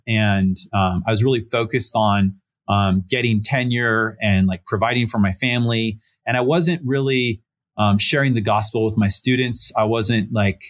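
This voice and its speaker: A man in his thirties, a pastor and podcast guest, telling a personal story in a casual, conversational way with many fillers, raising his voice when he acts out the people he quotes. He joins the conversation remotely. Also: on the low side. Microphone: remote call setup.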